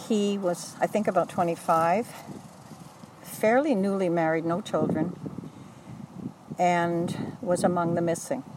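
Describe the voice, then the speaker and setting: A woman's voice: lowish voice, background noise. Older woman recalling, distant street mic. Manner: earnest, halting, with self-corrections. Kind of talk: oral history recollection.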